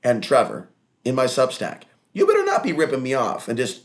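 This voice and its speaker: A man's voice: mid-range voice, wildly swooping pitch, a little fast. A man hosting his own online talk show in a rambling, crude, digressive monologue with mocking asides.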